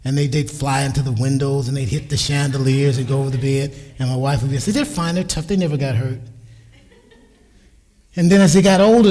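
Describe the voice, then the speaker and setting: Quick-paced and mellow, with a mid-range voice and fairly even intonation, a man in his sixties gives a parenting sermon at church. He draws on family stories and speaks his relatives' lines himself in the echoing sanctuary.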